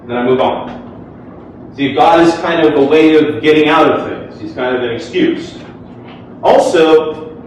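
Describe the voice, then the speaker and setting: A man's voice: a little high, a little hiss or hum. Earnest debating man in a roomy hall. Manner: earnest, conversational, with filler words. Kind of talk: formal debate speech. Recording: echoey hall, distant mic.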